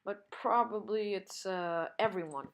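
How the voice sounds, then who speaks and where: A woman's voice: medium pitch, unhurried, natural voice. A woman reading aloud and voicing a brash, chatty female clown villain from a comic book. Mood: playful.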